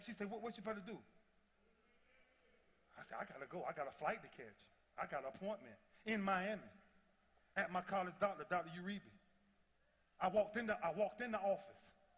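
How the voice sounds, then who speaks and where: A man in his thirties with a fairly high voice delivers an impassioned motivational speech to a big audience in a large convention hall. He tells stories, swinging from loud to hushed. The sound carries the long reverb of a large hall.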